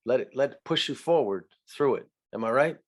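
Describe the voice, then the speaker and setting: Reflective man, halting chat. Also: medium pitch, animated. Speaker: actor guest. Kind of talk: casual podcast chat.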